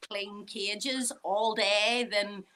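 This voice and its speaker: Bright chatty Northern Irish woman. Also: mid-range voice, steady tone, extremely slow, a little hiss or hum, low-quality recording. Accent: Northern Irish, mixed. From Northern Ireland. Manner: chatty, rambling, laughs easily. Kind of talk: casual chat.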